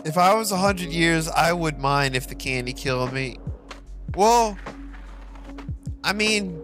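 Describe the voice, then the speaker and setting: A streamer chats casually while playing a game, rambling, joking and swearing a lot. His voice is a little high and a bit bright, and he takes his time. Soft music plays in the background.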